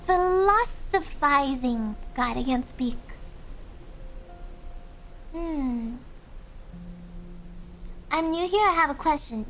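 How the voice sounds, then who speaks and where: Giggly high-voiced young woman streamer. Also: slight background noise. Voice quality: high voice, speaking softly. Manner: giggly, chatty, reads chat aloud. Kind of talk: casual chat with viewers. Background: faint background music.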